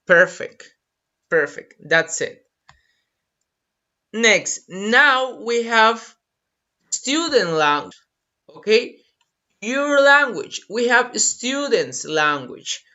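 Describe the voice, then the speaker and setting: An English teacher with a Spanish accent, a native Spanish speaker, slowly drilling pronunciation in an online lesson. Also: medium pitch, lively intonation, sharp tone. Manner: slow, repetitive drilling of pronunciation. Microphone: computer mic on a video call. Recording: dull lo-fi webinar audio.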